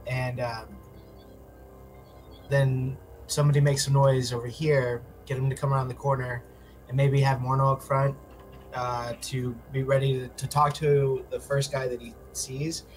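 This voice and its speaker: A man's voice: medium pitch, little pitch movement, unhurried, soft background music, rough recording. A man playing a tabletop game, laying out a plan step by step with casual fillers. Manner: lays out plans step by step with fillers. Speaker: player.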